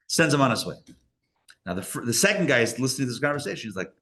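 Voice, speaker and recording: A male rabbi teaches a live class through stories and plain examples. His delivery is relaxed and conversational, and he often restarts sentences as he builds his point. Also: mid-range voice, a little fast. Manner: conversational, anecdotal, with many restarts. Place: live class in a Torah center.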